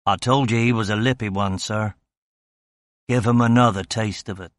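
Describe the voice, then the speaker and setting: A man voicing a rough male thug giving blunt, impatient orders. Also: on the low side, steady tone, normal speed, no echo, clean studio sound, natural voice.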